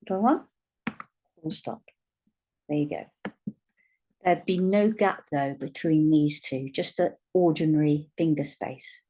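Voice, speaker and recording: A woman teaching a writing lesson, dictating each word as she writes. Her low voice is soft and slightly husky, and her pace is slow and patient. Faint keyboard typing sounds in the background. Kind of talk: dyslexia writing lesson, thinking aloud while writing.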